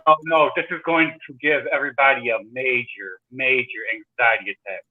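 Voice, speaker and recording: A man's voice: mid-range voice, lively intonation, a little fast, slight background noise. A man chatting as a guest on a livestream, stammering and apologetic. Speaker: stream guest. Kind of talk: casual call-in chat. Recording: tinny phone-like call line.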